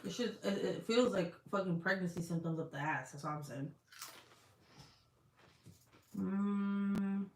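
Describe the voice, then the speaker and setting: A woman's voice: medium pitch, unhurried, long pauses, slight background noise. A young woman on a casual live stream, chatting loosely with heavy swearing, lots of fillers and frequent laughter while she reads comments. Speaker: vlogger reading live chat. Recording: roomy echo.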